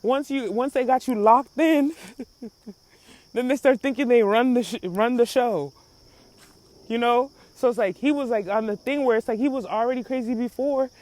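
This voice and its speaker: A woman hosting a podcast, giving casual commentary in a slangy, laughing, animated way. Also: fairly high pitch, normal speed. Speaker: podcast host.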